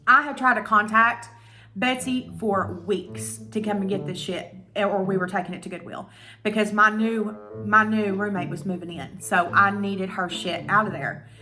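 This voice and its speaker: Bright-voiced woman ranting through a storytime. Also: mid-range voice, normal speed, soft background music. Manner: animated, profane and ranting. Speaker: YouTuber. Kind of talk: storytime vlog.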